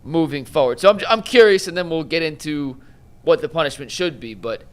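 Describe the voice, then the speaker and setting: A man's voice: a little high, animated, a little fast. A man hosting a casual sports talk show, posing questions and steering the discussion.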